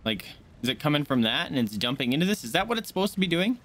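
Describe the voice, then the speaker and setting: A man live-streaming a game, chatting casually and excitably with his viewers from a home setup. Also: on the high side, fast talker, slight background noise. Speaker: gaming streamer.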